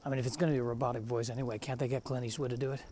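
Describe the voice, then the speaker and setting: A man's voice: medium pitch, steady tone, rapid-fire, dark tone. Man, solo podcast host, wry and self-deprecating, slightly winded, outdoors walking, faint background noise. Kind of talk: casual solo monologue. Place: outdoors on a residential street.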